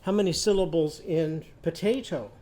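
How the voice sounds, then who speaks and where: A man teaching a children's literacy lesson, modeling speech sounds slowly and leading the class to repeat them. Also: on the high side, darkish tone.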